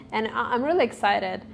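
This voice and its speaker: Recorded on her camera, a vlogger in her twenties muses aloud, frequently pausing to find the right words. She has a slightly high, creaky voice, with a bit of background noise behind her.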